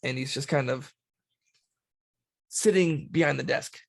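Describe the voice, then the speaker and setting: A man's voice: mid-range voice, a little slow, creaky, no echo. A man narrating a tabletop game as game master, loose and casual.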